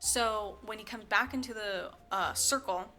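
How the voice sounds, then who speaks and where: A woman with a bright voice and a mid-range pitch tells a movie plot in casual podcast chat. She is animated and uses lots of fillers. She acts out the characters' lines as she goes, with faint music underneath. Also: measured pace. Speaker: podcast co-host.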